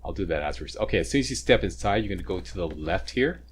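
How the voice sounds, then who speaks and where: A man's voice: low voice, animated, racing. A man hosting a video game walkthrough, chatty and joking as he explains each step. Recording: faint ambient noise, sirens nearby.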